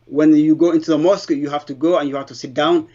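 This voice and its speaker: Halting middle-aged man. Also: a little high, fairly even intonation, warm tone. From Somalia. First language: Somali. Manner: halting, earnest storytelling with broken English grammar. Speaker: interviewee giving a testimony. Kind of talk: personal conversion testimony. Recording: dull lo-fi sound.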